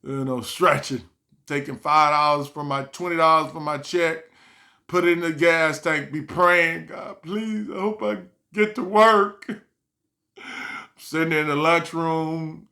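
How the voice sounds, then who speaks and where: Gravelly, bright-voiced man telling stories. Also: a little high. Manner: laughs often, acts out quotes. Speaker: vlogger. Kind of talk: casual storytelling monologue.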